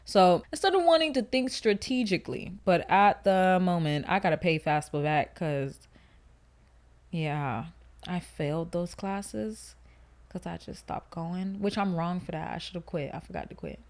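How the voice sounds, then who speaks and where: A woman's voice: on the low side, unhurried. A young woman in her early twenties talks casually to camera for her channel. She is chatty and full of slang, often drifting into asides before finding her way back. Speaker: YouTuber.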